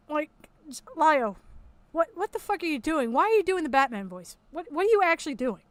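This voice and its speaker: A woman's voice: high voice, big pitch swings, a little fast, no echo. A woman hosting a commentary video, mocking and sarcastic, swearing a lot as she talks over a recorded call.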